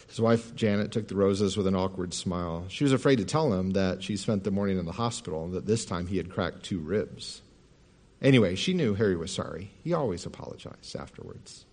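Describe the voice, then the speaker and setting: A man's voice: low voice, animated, brisk, a little mellow. Man telling sermon parables. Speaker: pastor. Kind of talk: sermon storytelling.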